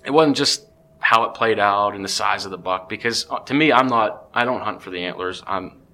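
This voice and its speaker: A man, a podcast guest, telling a story in a casual, excitable way with many restarts. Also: lowish voice, normal speed.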